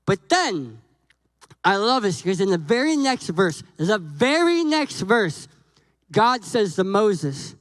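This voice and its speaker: Man, pastor, sermon, very high voice, dry close sound, humorous, acts out dialogue. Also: takes it slowly, dry recording, low-quality recording. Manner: animated, jokey, acts out dialogue with God and Moses.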